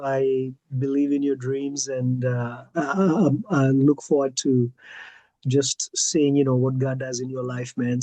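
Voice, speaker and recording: A man's voice: mid-range voice, dark tone, no room sound. A man hosting a segment over a video call, friendly and easygoing, with many fillers and repeated phrases. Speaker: segment host. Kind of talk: casual interview chat.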